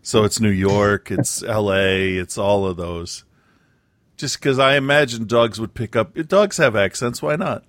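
A man's voice: fairly low pitch, measured pace, no room sound. A man co-hosting a podcast, telling stories in a rambling, hesitant way with many fillers. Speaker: podcast co-host. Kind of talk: casual chat.

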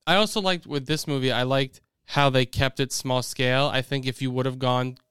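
A man's voice: medium pitch, steady tone, fairly quick, fairly bright tone, clean tone, dry recording, clean studio sound. A man chatting casually as a podcast co-host, rambling with many restarts. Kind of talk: casual chat.

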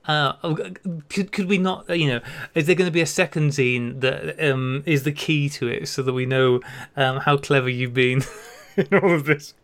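A man's voice: a little high, normal speed, fairly bright tone. A man hosting a casual podcast chat, thoughtful and rambling, with many restarts. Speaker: podcast host.

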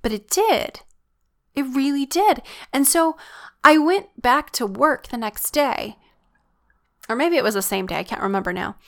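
Earnest woman with vocal fry. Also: high-pitched, lively intonation, unhurried, fairly bright tone. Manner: earnest, reflective storytelling. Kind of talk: personal faith testimony.

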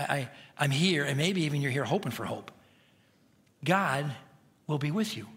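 A middle-aged man preaching in a church. His voice sits high and sounds bright and forceful, and he moves from quiet, intimate moments to loud, rousing shouts. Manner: conversational preaching, swings from hushed to shouting. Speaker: pastor. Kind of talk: sermon. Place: church sanctuary.

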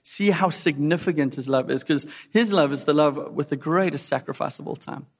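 Male preacher, earnest and direct, gravelly voice, long hall reverb. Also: fairly high pitch, moderate pace. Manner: earnest, asks listeners direct questions. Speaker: pastor. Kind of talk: sermon.

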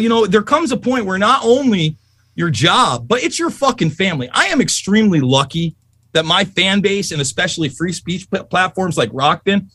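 A man telling stories in a heated, profane political rant, loudly and emphatically angry. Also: sits high, no room sound. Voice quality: profane, fast and animated.

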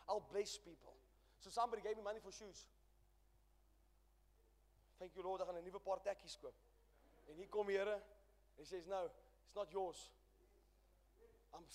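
High-voiced South African preacher in a reverberant hall. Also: male voice. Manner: emphatic storytelling preacher, swings loud and soft. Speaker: pastor. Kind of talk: sermon. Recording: long church reverb.

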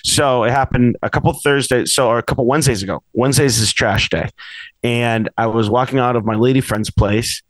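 A man's voice: medium pitch, steady tone, brisk, dry recording, poor audio. Chatty, rambling male podcast host. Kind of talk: casual chat.

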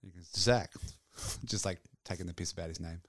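A man's voice: low-pitched, level tone, fast talker, no room sound, clean studio sound. A man co-hosting a podcast, laid-back and wry, telling anecdotes in a casual chat. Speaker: podcast co-host.

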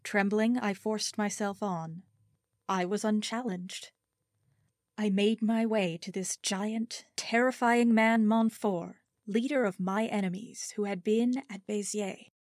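Slow, expressive woman narrating a story. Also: medium pitch, no room sound, clean studio sound. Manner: measured, expressive first-person reading. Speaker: audiobook narrator.

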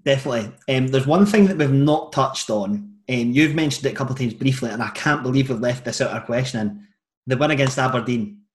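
A Scottish man hosting a casual podcast, asking questions and sharing memories in a relaxed, chatty way. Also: mid-range voice, fast. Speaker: podcast host.

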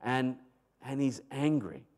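Australian male preacher, middle pitch, animated storyteller, loud emphasis and quiet asides. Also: slow. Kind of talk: sermon.

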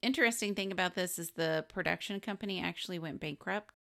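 A woman co-hosting a casual movie podcast, relaxed and laughing often, going through her notes. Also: lowish voice, quick pace, creaky. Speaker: podcast co-host. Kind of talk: casual movie-review chat.

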